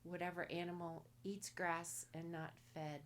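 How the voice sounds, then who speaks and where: A woman guest on a casual podcast, soft-spoken and nearly whispering at times, giving blunt advice in short commands. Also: fairly low pitch, flat delivery, a little slow, a little hiss or hum. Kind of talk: casual interview.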